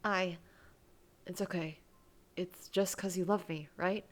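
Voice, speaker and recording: A woman's voice: fairly low pitch, steady tone, takes it slowly. A woman voicing a first-person heroine, an emotional young woman in love, reading a visual novel aloud in an earnest, heartfelt way. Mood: tender.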